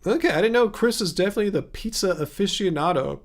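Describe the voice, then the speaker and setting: A man's voice: high-pitched, lively intonation, quick pace. A man hosting a casual livestream, answering viewer comments in a rambling way with frequent restarts and chuckles. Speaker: livestream host.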